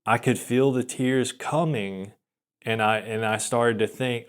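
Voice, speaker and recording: A man's voice: medium pitch, fairly even intonation, unhurried. A young man telling a long personal story in casual chat, rambling and self-deprecating, with frequent restarts and small laughs. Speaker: podcaster.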